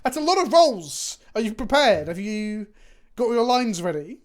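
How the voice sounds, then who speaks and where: A man's voice: high-pitched, very animated, moderate pace. A man from Britain hosting a tabletop game stream, chatty and teasing his friends. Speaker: host and player. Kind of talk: casual stream chat.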